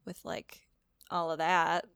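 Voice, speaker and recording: A woman's voice: fairly low pitch, monotone, slow, creaky, fairly bright tone, clean tone, no room sound, clean studio sound. A woman co-hosting a podcast in casual chat, bubbly and talkative, swearing casually. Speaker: podcast co-host.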